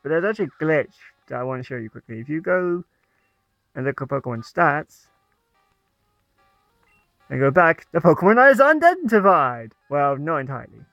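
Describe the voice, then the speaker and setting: A man's voice: mid-range voice, moderate pace, vocal fry, pauses often, dry recording, faint music behind. A man giving playful, chatty commentary over a video game he is playing. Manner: playful, chatty, laughs at own jokes. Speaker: let's play gamer. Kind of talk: casual gameplay commentary. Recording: dull lo-fi sound.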